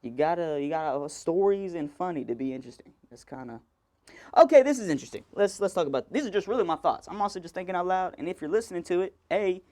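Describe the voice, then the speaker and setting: A man's voice: high-pitched, expressive, fast, a little mellow. A man in his twenties hosting a solo podcast, rambling and self-mocking, laughing often as he talks. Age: 20s. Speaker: podcast host. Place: indoors, seated.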